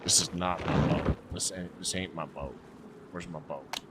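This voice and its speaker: A man's voice: low voice, fairly even intonation, moderate pace, heavy background noise. A man streaming a survival game, talking to himself in rambling, joking commentary. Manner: rambling, joking self-talk. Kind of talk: casual gameplay commentary.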